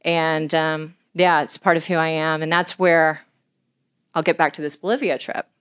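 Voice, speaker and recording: A woman's voice: sits low, fairly even intonation, moderate pace, a bit bright, smooth, dry recording, studio quality. A middle-aged woman telling long, heartfelt stories as a podcast guest, earnest and sincere. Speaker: podcast guest, angler and mission leader. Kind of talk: conversational storytelling.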